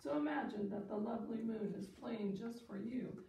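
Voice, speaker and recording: A kind, wise little male cricket from a storybook, gently encouraging, voiced by a woman reading aloud. The voice is mellow and a bit gravelly, heard from across an echoey room. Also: on the high side, moderate pace, natural voice. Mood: soothing. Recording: echoey room, distant mic, faint hiss.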